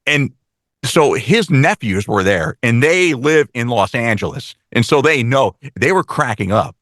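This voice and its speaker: A man co-hosting a casual talk show, telling stories fast with lots of quoted dialogue and some swearing. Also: medium pitch, lively intonation, a bit bright, no echo, studio quality. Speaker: podcast co-host. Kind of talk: casual chat.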